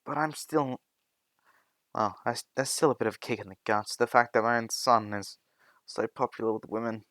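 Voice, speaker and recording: A man's voice: mid-range voice, moderate pace, no echo, lightly acted. A man voicing a boastful, teasing middle-aged father in a fan-made spoken story. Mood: grumbling. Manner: loud, jokey, defensive.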